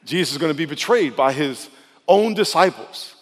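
A male pastor preaching a sermon in a conversational, emphatic way, sometimes dropping to a soft, intimate tone. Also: a little high, expressive, normal speed, in a large hall.

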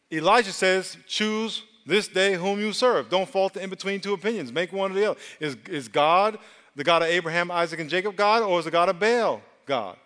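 High, clear preacher in a hall. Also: male voice. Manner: call-and-response preaching, animated and emphatic. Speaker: pastor. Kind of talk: sermon. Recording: long hall reverb.

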